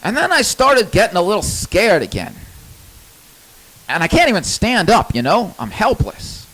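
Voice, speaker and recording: High, lively-voiced man telling a story. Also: normal speed, breathy edge, low-quality recording. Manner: rambling, candid, swears freely. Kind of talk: spoken storytelling monologue.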